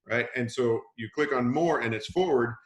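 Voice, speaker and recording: A man with a middle-pitched voice hosts a team call and rambles casually. He restarts often and leans on "you know". The sound has a roomy echo. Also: normal speed. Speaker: team leader hosting the call. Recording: echoey room sound.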